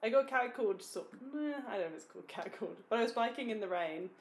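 This young woman chats casually as a podcast co-host. She tells her stories with a giggle and pokes fun at herself. Her voice sits at a middling pitch for a woman. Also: lively intonation, quick pace. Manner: giggly, storytelling, self-mocking. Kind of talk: casual chat.

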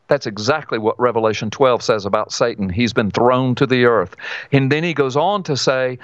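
A man's voice: mid-range voice, a little fast, dry recording, highs cut off. A man teaching scripture as a radio guest, emphatic, asking and answering his own questions. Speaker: guest author. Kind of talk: Bible teaching on talk radio.

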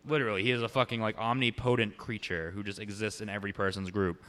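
A young man in casual chat, ranting and swearing freely about a friend, getting loud and animated as he vents. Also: fairly low pitch, fast talker.

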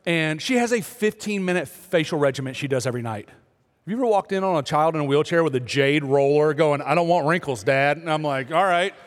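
A pastor with a voice on the high side speaks fairly quickly, his sermon carrying the long reverb of a large hall. He tells a joking story about his family, then turns earnest and urges his listeners.

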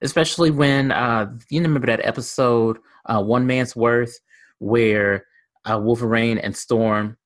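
A man co-hosting a casual fan podcast, relaxed and hesitant, with frequent fillers. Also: mid-range voice. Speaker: podcast co-host.

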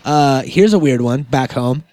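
A man's voice: medium pitch, animated, measured pace, warm tone. A man co-hosting a casual podcast chat, joking and swearing, acting out little made-up quotes. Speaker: podcast co-host.

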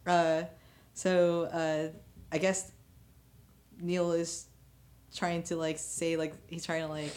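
A woman with a low voice co-hosts a podcast in a loose, casual chat. She rambles, trailing off with fillers and starting her sentences over. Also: little pitch movement, slow, long pauses, darkish tone. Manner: rambling, many fillers and restarts. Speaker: podcast co-host.

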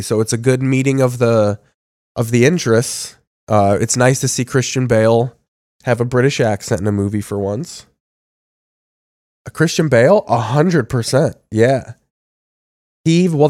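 A man's voice: medium pitch, a little mellow. A male podcast host talks through a bout of covid, his voice congested. He rambles and swears in loose, joking chat. The sound is dry and close, with no room echo. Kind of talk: casual profane chat.

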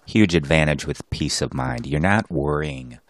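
Very deep-voiced man, rambling podcast chat. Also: unhurried, no room sound. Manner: relaxed, rambling, swears freely. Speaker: podcast co-host. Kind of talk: casual chat. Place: podcast recording setup.

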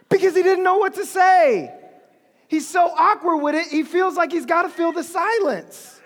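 A preacher giving an animated, humorous, conversational sermon in a large hall. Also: extremely high pitch, normal speed.

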